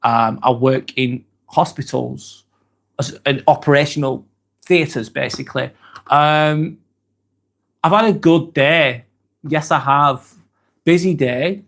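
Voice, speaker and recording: A man's voice: medium pitch, takes it slowly, creaky, long pauses, a bit bright. A man, hosting a live stream and chatting casually through viewer comments, earnest and hesitant, with many ums and apologies. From England. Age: 40s.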